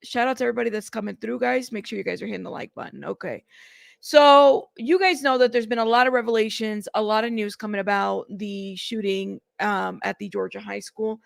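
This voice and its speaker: A woman's voice: mid-range voice, brisk, vocal fry, no room sound, studio quality. A woman hosting a casual news livestream, greeting chatters by name in a chatty way. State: out of breath.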